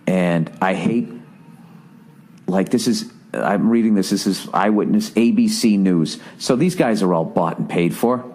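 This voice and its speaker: A man's voice: low-pitched, unhurried, darkish tone. A man hosting a podcast, delivering a profane, sarcastic, exasperated comedic rant in a casual monologue. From United States. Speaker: podcast host.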